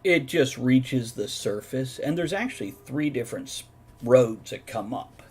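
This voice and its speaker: A man's voice: medium pitch, animated, measured pace, a little mellow, breathy edge. A man running a tabletop game as game master, who explains the scene methodically and laughs often.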